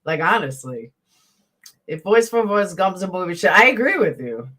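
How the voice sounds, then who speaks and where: A woman's voice: lowish voice, very animated, moderate pace, fairly bright tone. A woman with a Southern accent giving a blunt, profane, heated commentary rant as a YouTube host, talking to her live chat. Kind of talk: casual ranting commentary.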